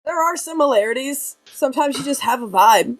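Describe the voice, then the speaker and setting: A woman player in a tabletop game, animated and quick to exclaim. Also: sits high, slight background noise, poor audio.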